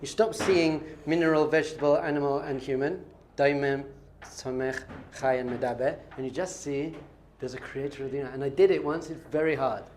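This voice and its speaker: Animated rabbi teaching a class. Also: male voice, fairly high pitch, fairly quick, few pauses, slight background noise. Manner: animated, playful, quizzing the audience. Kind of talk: lively classroom teaching with questions to students.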